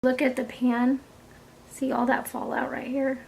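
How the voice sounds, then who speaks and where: A middle-aged woman chatting casually through a makeup tutorial, rambling and dropping into soft half-whispered asides. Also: sits high, little pitch movement, a little slow, creaky, a little hiss or hum. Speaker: beauty vlogger.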